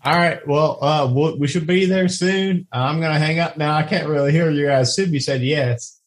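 A man's voice: on the high side, normal speed. A man playing a tabletop role-playing game, talking loosely and playfully in character. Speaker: tabletop player.

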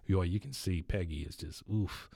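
A man's voice: low voice, moderate pace, husky, dry recording. A man hosting a podcast, animatedly retelling a cartoon episode in casual chat at a studio mic. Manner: animated storyteller, laughs while retelling. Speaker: podcast host.

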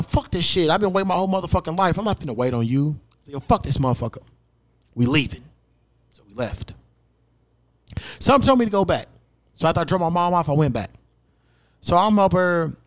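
A young man with a slightly high voice tells a story on his podcast. He curses constantly and keeps it animated. He jumps up loud whenever he quotes himself. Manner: profane, animated, acts out quotes loudly. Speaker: podcast host. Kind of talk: casual storytelling chat.

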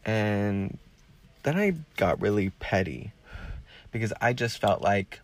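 A man's voice: mid-range voice, expressive, takes it slowly, dry recording. A man hosting a podcast, talking frankly in a casual, rambling way with lots of swearing. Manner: frank and heavily profane; rambling with many fillers. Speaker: podcast host.

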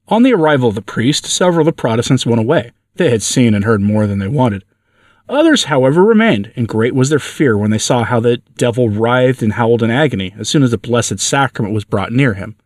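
A man narrating a religious account in a measured, solemn reading style. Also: mid-range voice, animated, darkish tone, no echo, studio quality. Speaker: podcast reader. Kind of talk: scripted narration of a religious story.

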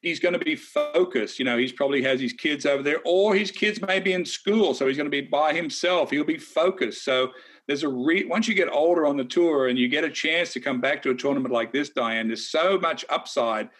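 A man co-hosting a casual golf betting chat, talking in a chatty, animated way with folksy asides. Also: on the high side, fairly quick. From Australia. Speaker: golf analyst co-host.

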